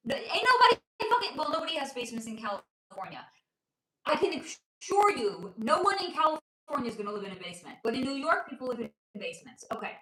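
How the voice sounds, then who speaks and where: American woman, livestream host, high and bright, rambling and swearing, roomy sound. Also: slight background noise. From United States. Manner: animated, swearing, rambling asides. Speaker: psychic reader on a livestream. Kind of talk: casual livestream chat.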